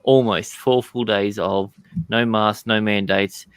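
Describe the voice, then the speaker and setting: A man's voice: lowish voice, steady tone, takes it slowly, clean tone, no echo, clean studio sound. A man chatting as a guest on a live stream, friendly and careful to correct himself. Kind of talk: casual chat.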